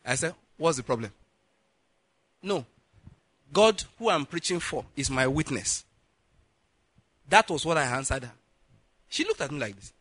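A man's voice: a little high, measured pace, pauses often, breathy edge, no room sound. A man from Nigeria preaching, telling a personal story with lots of acted-out dialogue and frequent laughter. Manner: animated storyteller, acts out dialogue, laughs often. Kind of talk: sermon storytelling.

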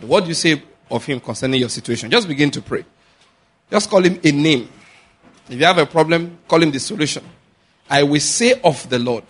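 A man preaching a sermon, animated, acting out little dialogues and slowing to a measured chant on scripture. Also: fairly high pitch, husky. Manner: animated, acts out little dialogues and laughs often. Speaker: pastor.

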